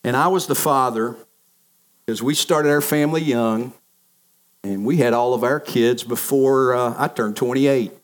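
Preaching at a measured pace, this middle-aged pastor has a medium-pitched, steady voice. His sermon is full of family stories, and he acts out the voices of the relatives he quotes.

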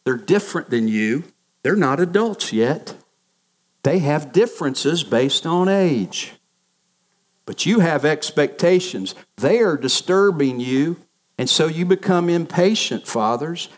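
A middle-aged man preaches a sermon in a somewhat high voice. He tells stories from family life and acts out the quoted lines with changing pitch. He speaks as a pastor to his congregation. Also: expressive, slow pace.

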